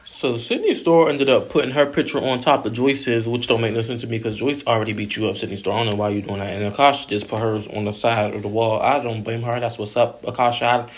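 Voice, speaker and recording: A man's voice: mid-range voice, steady tone, fast, hardly any pauses. A man hosting a vlog, recapping a reality show in blunt, profane, opinionated casual commentary that rambles with restarts.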